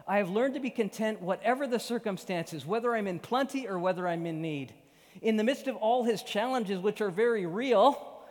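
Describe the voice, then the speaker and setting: A male pastor preaching a sermon on a Sunday morning, emphatic and rhythmic, building through repeated phrases. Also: sits high. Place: church sanctuary. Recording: long hall reverb.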